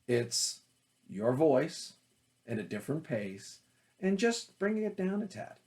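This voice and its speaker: A man teaching about auditions as an acting coach, talking in a loud, forceful, energetic way. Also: a little high, measured pace.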